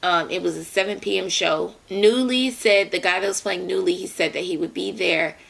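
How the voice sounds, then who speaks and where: A young adult woman vlogger telling a story casually, in an animated way with lots of fillers and repeated words. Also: fairly low pitch, moderate pace, gravelly.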